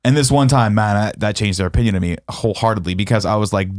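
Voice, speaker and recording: A man on a chat show telling a profane, animated story and acting out his own shouting. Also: lowish voice, fast. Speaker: podcast co-host. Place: studio.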